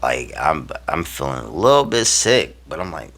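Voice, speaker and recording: A man casually telling a personal story to camera, animated and slangy, acting out the lines he and others said. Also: a bass voice, moderate pace, hardly any pauses, husky. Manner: animated, acts out his own and others' quoted lines; slangy, loose phrasing with many fillers.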